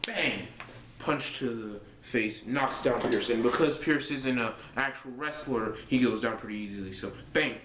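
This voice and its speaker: A man's voice: mid-range voice, measured pace, background noise. A young man vlogging casually, rambling through a story with lots of fillers and restarts. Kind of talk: casual fantasy-booking monologue. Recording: echoey room.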